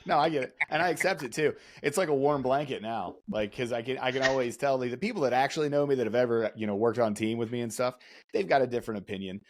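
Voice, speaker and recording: A man's voice: mid-range voice, fast. A man hosting a podcast in casual chat, joking and self-deprecating. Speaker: podcast host.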